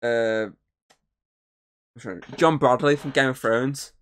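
A man's voice: mid-range voice, steady tone, unhurried, a bit bright, smooth. A man co-hosting a podcast, rambling through a film recap with lots of fillers and swearing. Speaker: podcast co-host. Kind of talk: casual podcast chat.

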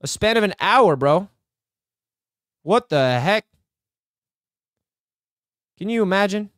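A man's voice: sits high, animated, slow pace, fairly bright tone, no echo, clean studio sound. A young man hosting a live stream, reacting to sports news with hyped, rambling chatter aimed at his chat.

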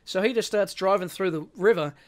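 An Australian man co-hosting a podcast casually tells a long story, repeating lots of words and swearing offhandedly. His voice is high and fairly quick.

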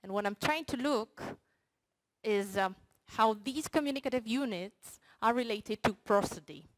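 Woman researcher, slightly high voice, playful, audience-facing short talk. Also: a little slow, rough recording. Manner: playful, addresses the audience directly with games. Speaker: researcher presenting her project. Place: university hall before an audience.

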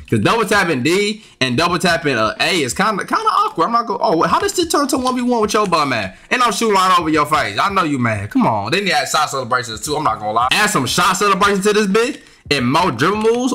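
Young guy w/ trash talking thru a game, bright voice, pitch all over. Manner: trash-talking, excitable, profane. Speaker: gaming streamer. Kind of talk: live gameplay commentary.

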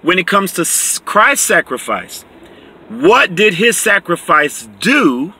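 A man teaching from the Bible, reading verses slowly and explaining them emphatically, often checking in with "okay?". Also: sits high, big pitch swings, pushed and bright, husky. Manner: reads scripture slowly and deliberately.

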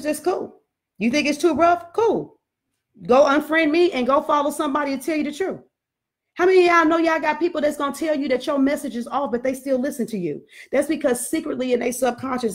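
A woman hosting a motivational live stream who talks in a blunt, emphatic, slangy way and curses for emphasis. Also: on the high side.

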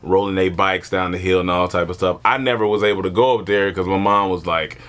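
A man telling a comedic childhood story in casual chat, animated and laughing often, acting out voices. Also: lowish voice, fast, few pauses. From born in Germany, grew up partly in Panama.

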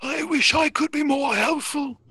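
A high, strained, forgetful being. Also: male voice, bright, forceful tone, heavily acted. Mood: mournful. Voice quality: high, strained, distant-sounding. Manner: slow, drawn-out delivery. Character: forgetful, mournful being whose memory has faded.

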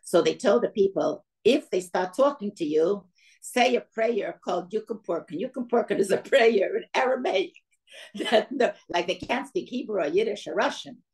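A woman's voice: medium pitch, normal speed, rough recording. Older woman telling a family story. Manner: animated storyteller acting out quoted voices. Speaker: guest speaker. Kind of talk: storytelling talk to an audience.

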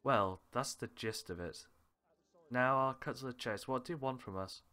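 A man's voice: mid-range voice, normal speed, sharp tone. A man reading aloud every character's lines of a visual novel, switching between characters with small laughs and asides. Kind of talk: reading game dialogue aloud with light character voices.

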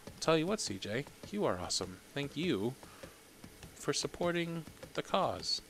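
A man commentating a live game stream, animated and chatty, talking to his in-game horse with sudden loud outbursts. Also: on the high side, unhurried, vocal fry, slight background noise. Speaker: gaming streamer. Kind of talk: live let's-play commentary.

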